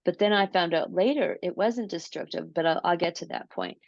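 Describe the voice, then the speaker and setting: Woman interview guest, low voice, animated storyteller, dry muffled recording. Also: brisk, vocal fry, dry recording. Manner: animated, repeats words, acts out her own quotes. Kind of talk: casual storytelling.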